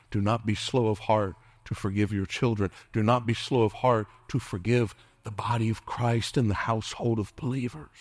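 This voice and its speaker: Impassioned middle-aged male pastor, low voice. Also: dry recording. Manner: impassioned preaching, dropping at times to a hushed whisper; calls out to the congregation for responses. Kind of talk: sermon.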